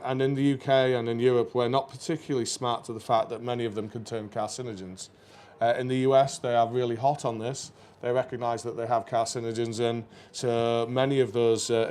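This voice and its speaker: A man's voice: mid-range voice, darkish tone. Chatty man hosting a brewery stream. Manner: chatty, rambling with fillers. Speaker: brewery co-host. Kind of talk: casual live stream chat. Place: brewery taproom.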